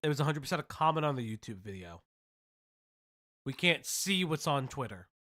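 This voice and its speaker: A man's voice: medium pitch, very animated, normal speed, bright, forceful tone. A man hosting a casual online commentary show, blunt and sarcastic, swearing freely as he reacts.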